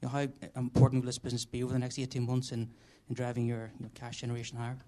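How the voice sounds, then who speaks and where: A man's voice: medium pitch, completely flat delivery, very fast, mellow. A man, a financial analyst, asking a question at a results briefing.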